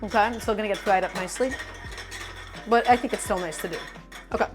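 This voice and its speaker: A woman's voice: medium pitch, quick pace, over music. A woman streaming a live cooking demonstration, talking animatedly to viewers as her friends and repeating her points with emphasis. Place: home kitchen.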